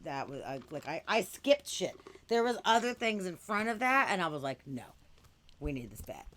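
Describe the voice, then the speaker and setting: A woman's voice: fairly low pitch, sing-song, moderate pace, a bit bright. A woman co-hosting a podcast in casual chat, swearing freely and laughing often. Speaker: podcast co-host.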